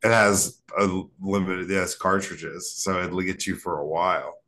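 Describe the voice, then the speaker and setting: A man's voice: sits low, fairly even intonation, normal speed, pushed and bright. A young man co-hosting a podcast, chatting casually and rambling through silly scenarios with frequent laughs. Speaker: podcast co-host.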